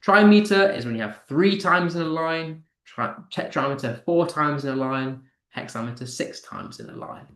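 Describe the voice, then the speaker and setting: A man's voice: fairly high pitch, moderate pace, hardly any pauses, a bit bright, reverberant. A man teaching English with a British accent, explaining patiently with frequent ums and restarts. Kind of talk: online lesson.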